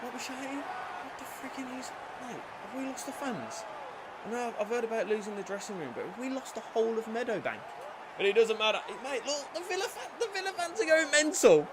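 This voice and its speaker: A man commentating his football video game career with loud outbursts and cheeky banter. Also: very high-pitched, very animated, a little fast, very noisy. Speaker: gaming YouTuber.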